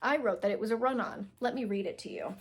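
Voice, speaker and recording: A woman's voice: mid-range voice, fast talker. A young woman casually reviewing a book to camera, chatty and self-deprecating, full of fillers and restarts, and stumbling over words when she reads passages aloud.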